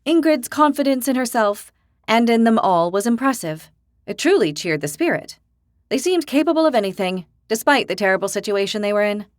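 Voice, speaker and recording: A woman narrator reading a fantasy audiobook in a steady storytelling manner. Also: fairly high pitch, brisk, dry recording, clean studio sound. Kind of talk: scripted narration.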